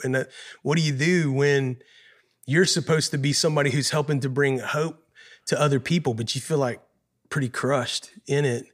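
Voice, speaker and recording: A man, a guest musician, telling a painful personal story in an earnest, emotional way, often repeating himself and saying "man.". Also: mid-range voice.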